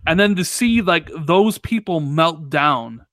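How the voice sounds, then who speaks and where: A man co-hosting a casual gaming podcast, talking in an animated, rambling way full of restarts and fillers. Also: on the high side, slow, no room sound, studio quality. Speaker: podcast co-host.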